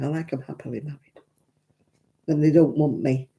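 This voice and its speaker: A woman's voice: low-pitched, steady tone, moderate pace, creaky, pauses often, dark tone, faint music behind. A woman hosting a casual craft live stream, telling stories in a chatty, self-mocking way and laughing between them.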